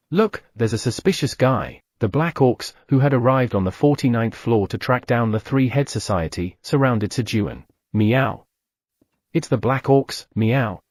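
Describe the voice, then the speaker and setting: A man reading an audiobook novel in steady, scripted narration. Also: medium pitch, no room sound, clean studio sound. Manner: steady storytelling read.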